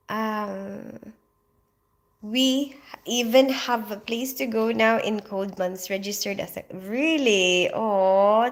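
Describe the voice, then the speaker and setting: Sleepy filipino lady on a livestream, kinda high voice, rambly with lots of ums and laughs. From Philippines. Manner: chatty and rambling, laughs often, many fillers. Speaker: livestream host reading comments. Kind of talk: casual livestream chat.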